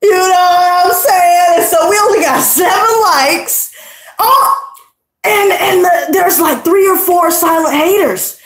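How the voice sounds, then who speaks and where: A woman's voice: very high voice, slow pace, roomy sound. A woman hosting a tarot livestream, chatting casually in a brash, profane, slangy way and out of breath.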